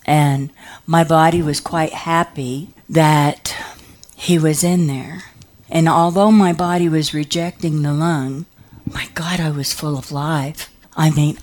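A woman's voice: low-pitched, a little hiss or hum. A woman in her fifties telling a personal story. She acts out voices and drops to whispers. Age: 50s.

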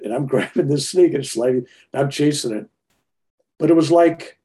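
An older man spins a personal tale, his voice mellow and low-key at a middling pitch. He rambles and restarts his sentences, then lifts into animated bursts as he goes. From United States. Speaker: storyteller. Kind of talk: personal storytelling.

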